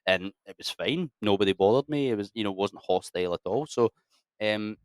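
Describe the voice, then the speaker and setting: This army veteran in his thirties speaks in a lowish, animated voice at a fairly quick pace, with no echo. Recounting his story in a casual interview, he swears bluntly, says mate and lads, and keeps clearing his throat.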